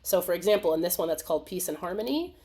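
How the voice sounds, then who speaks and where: Animated woman hosting a live webinar. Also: fairly low pitch, quick pace, a little hiss or hum. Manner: animated, laughing, acts out little voices. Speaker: webinar host. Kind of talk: casual live webinar talk. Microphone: video call.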